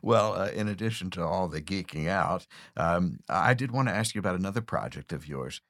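A man hosting an interview, asking thoughtful, measured questions with some hesitation. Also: low-pitched, animated, a bit bright, no echo, clean studio sound. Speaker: podcast host.

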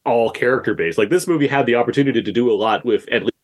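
A man's voice: medium pitch, racing. A man guest on a podcast, talking casually and bluntly about films, swearing now and then. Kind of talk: casual film discussion.

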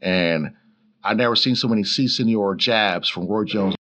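A man's voice: on the low side, normal speed, noisy background. A man as a guest boxing analyst, talking boxing in a loose, joking way. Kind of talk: casual podcast commentary.

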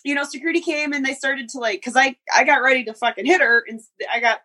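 A woman's voice: high-pitched, quick pace, pushed and bright, breathy edge. A woman co-hosting a podcast, telling a story bluntly and animatedly, swearing freely. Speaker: podcast co-host. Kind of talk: casual storytelling.

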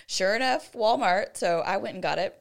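A woman's voice: medium pitch, normal speed, gravelly. Woman, thirties, podcast co-host, casual chat, giggly storyteller. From Texas.

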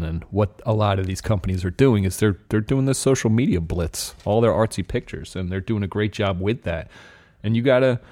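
A young adult man hosting a beer podcast, chatting casually and candidly about a beer's taste, rambling and swearing now and then. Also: mid-range voice. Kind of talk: casual tasting chat.

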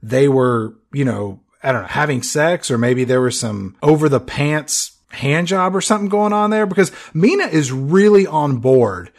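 A man's voice: a little high, expressive, moderate pace, hardly any pauses. A man co-hosting a casual podcast, recapping a film's plot with joking asides. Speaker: podcast co-host. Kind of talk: casual movie recap chat.

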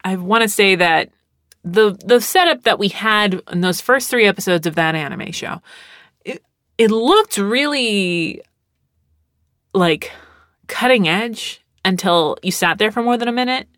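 A woman's voice: medium pitch, expressive, measured pace, a bit bright, no echo, clean studio sound. A young adult woman hosting a podcast, talking casually in a rambling, sarcastic way with lots of fillers. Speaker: podcast host. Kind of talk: casual solo podcast talk.

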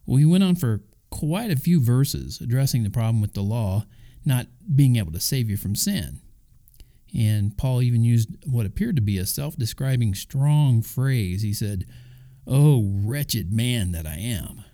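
Mellow-voiced man giving a casual devotional talk. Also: medium pitch, animated, moderate pace. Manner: conversational, with asides and chuckles. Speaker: Christian podcast host.

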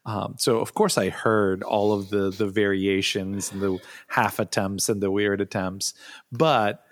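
Man, podcast co-host, non-native English speaker, low voice, halting casual delivery. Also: level tone. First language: not English. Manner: halting, many restarts and fillers.

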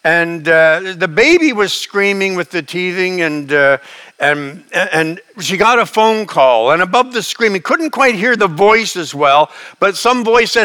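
A man's voice: high voice, lively intonation, a little slow, pushed and bright, clear, resonant tone. A male pastor giving a sermon in a conversational, folksy manner with chuckling asides.

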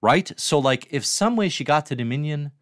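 Lively-voiced man hosting a stream. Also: a little high, moderate pace, no echo, studio quality. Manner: chatty, reads viewer comments aloud. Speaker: livestream host. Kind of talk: casual comics review livestream.

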